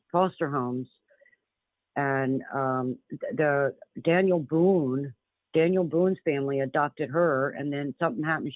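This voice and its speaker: Male caller, rambling and sincere, slightly high voice, thin phone-line sound. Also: no room sound. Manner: rambling, earnest, with many restarts. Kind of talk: casual storytelling on a talk radio show. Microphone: telephone.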